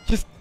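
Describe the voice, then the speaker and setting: A man talking casually to his live-stream chat while gaming, animated and ranting, swearing freely. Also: rough recording.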